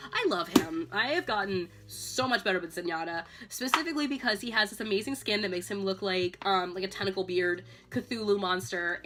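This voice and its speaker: A slightly tipsy woman chatting casually, rambling with lots of "like" and "um" and breaking into loud excited squeals. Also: mid-range voice. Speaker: vlogger. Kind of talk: casual tipsy chat about a video game.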